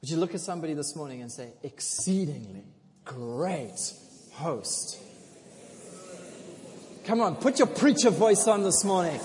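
A man preaching a sermon. He swings from hushed to loud, laughs often, and. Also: sits high, big pitch swings, quick pace, few pauses, a little hiss or hum. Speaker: pastor. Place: church hall. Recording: long hall reverb.

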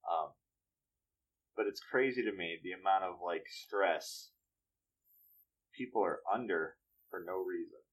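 A man's voice: deep voice, measured pace, pauses often, poor audio. A man from northeastern Pennsylvania in casual chat, musing and trailing off with fillers.

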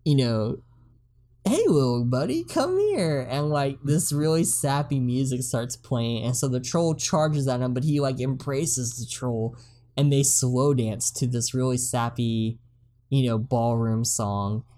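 Deep-voiced woman rambling through a movie recap. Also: fairly even intonation, unhurried, mellow. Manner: rambling, with many fillers and laughs. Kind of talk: casual chat recapping a movie.

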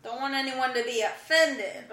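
A woman's voice: high voice, moderate pace, roomy sound, a crowd in the background. A young woman guest in a casual, giggly chat, joking in playful slang.

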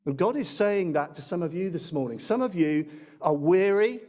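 A man's voice: high voice, animated, moderate pace, mellow. A man preaching a sermon in a church, chatty and self-deprecating, speaking into a handheld mic. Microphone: handheld microphone.

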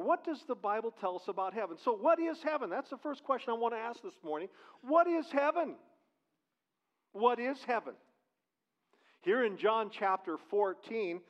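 High-voiced pastor preaching. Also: male voice. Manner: conversational preaching with frequent restarts and rhetorical questions. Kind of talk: sermon. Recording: dull, lo-fi church recording.

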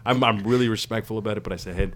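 A man co-hosting a podcast, chatting casually and telling animated stories that crack him up. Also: on the low side, rapid-fire. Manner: excited storyteller, laughs hard at his own stories. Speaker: podcast co-host. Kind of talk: casual chat.

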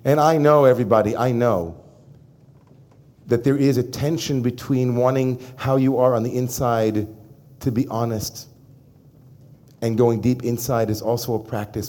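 With a medium pitch and moderate pace, this rabbi gives an emphatic, animated sermon. He repeatedly turns to speak directly to the congregation.

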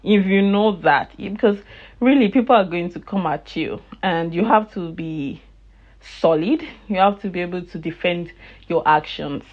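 A woman's voice: on the low side, normal speed, lo-fi sound. A woman hosting her own podcast, chatting casually and laughing often as she retells conversations with family. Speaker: podcast host. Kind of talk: casual storytelling monologue.

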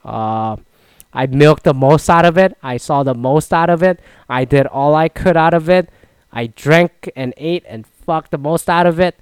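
A young man casually recounting a solo trip, rambling and swearing, with loud mock-outraged outbursts. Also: fairly high pitch, a little slow, clean tone, no echo. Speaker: vlogger recapping a solo trip. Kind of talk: casual profane storytelling.

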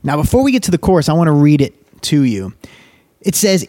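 A podcast host with a warm, fairly high voice talks a little fast, his pitch swinging widely as he eagerly discusses a song. In this casual music commentary, he explains things enthusiastically while reading the lyrics aloud.

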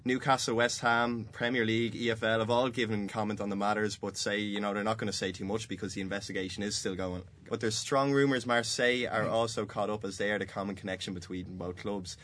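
A man with a lowish voice hosts a football podcast from a studio. His delivery is loose and conversational, and he laughs as he talks. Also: steady tone, fast talker, few pauses, a bit bright. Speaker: podcast host. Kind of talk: casual sports chat.

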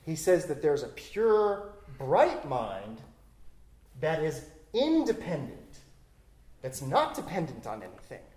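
A Buddhist teacher giving a dharma talk to a class in a playful, animated way, often checking in with "right?" and demonstrating with objects. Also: medium pitch, slow. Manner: frequent tag questions "right?".

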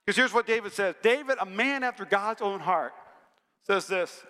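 A man preaching a sermon in a church, energetic and humorous, rising now and then to shouts. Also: high-pitched, fairly quick. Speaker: pastor. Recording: long hall reverb.

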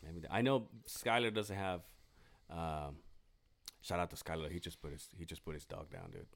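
Young guy on a podcast, real low voice that swings all over the place, rambly and cussing. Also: expressive, normal speed, gravelly. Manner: rambling, swearing, acts out friends' voices. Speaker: podcast co-host. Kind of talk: casual chat.

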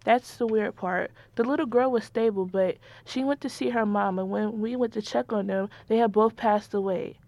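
A woman's voice: medium pitch, steady tone, moderate pace, few pauses, darkish tone, dry recording, close to an everyday voice. A woman playing a kind, concerned hospital nurse in a stage play. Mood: puzzled.

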